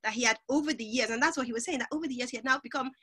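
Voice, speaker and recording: A woman's voice: a little high, very fast, breathy edge. A woman hosting a podcast, chatting casually and telling stories animatedly. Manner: animated storyteller, laughs often. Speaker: podcast host. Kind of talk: casual conversation.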